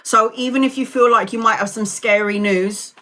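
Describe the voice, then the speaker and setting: A woman's voice: fairly high pitch, steady tone, moderate pace, bright, forceful tone. A woman in her forties giving live tarot readings, soothing and direct, calling listeners sweetheart and honey. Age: 40s. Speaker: tarot reader.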